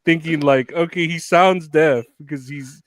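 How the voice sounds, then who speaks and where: A man's voice: fairly high pitch, measured pace. Laid-back man laughing through wrestling chat. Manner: laughs often, loose and rambling. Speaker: podcast co-host. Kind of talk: casual chat.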